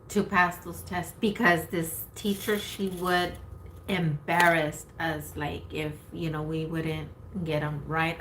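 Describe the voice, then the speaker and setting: A woman co-hosting a casual chat, greeting viewers and reminiscing in a relaxed way. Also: sits low, a little hiss or hum, low-quality recording. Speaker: co-host.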